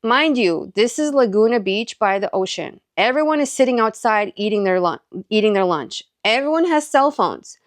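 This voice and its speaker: A woman's voice: a little high, expressive, moderate pace, few pauses, dry recording, studio quality. A woman from Southern California, a mother, chatting through a personal story with many likes and quoted back-and-forth. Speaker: faith and encouragement vlogger. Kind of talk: casual storytelling.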